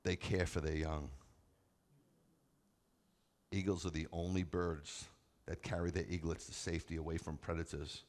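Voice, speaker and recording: A man preaching a sermon to a congregation, moving between quiet conversational asides and loud, emphatic scripture readings. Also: deep voice. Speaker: rabbi preaching. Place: congregation sanctuary.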